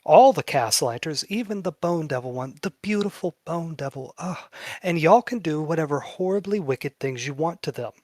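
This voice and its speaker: A man narrating a tabletop game as game master, casual and swearing freely, slowing down for dramatic moments. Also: fairly high pitch, lively intonation, a little mellow, no echo, studio quality.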